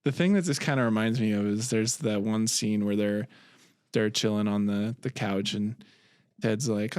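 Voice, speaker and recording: A man's voice: on the low side, normal speed, no room sound, studio quality. A young man co-hosting a podcast in casual chat, swearing freely and telling stories with energy. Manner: swears freely, animated storyteller. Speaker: podcast co-host.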